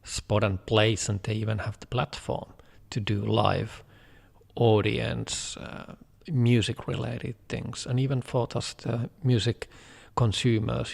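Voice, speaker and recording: A man musing in a casual chat about social audio apps, measured and thoughtful with frequent fillers. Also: mid-range voice, vocal fry, slightly rough, big-room sound.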